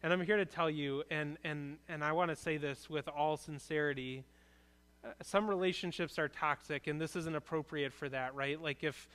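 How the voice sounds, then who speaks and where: Earnest, smooth-voiced male pastor preaching. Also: a little high, fairly even intonation, normal speed, a bit bright. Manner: conversational, earnest preaching with frequent restarts. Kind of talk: sermon.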